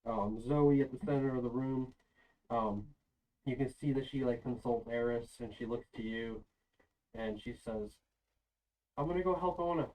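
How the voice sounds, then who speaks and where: A man's voice: mid-range voice, fairly even intonation, measured pace, mellow. A man running a tabletop game as game master, narrating in a loose, rambling way. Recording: voice sounding far from the mic.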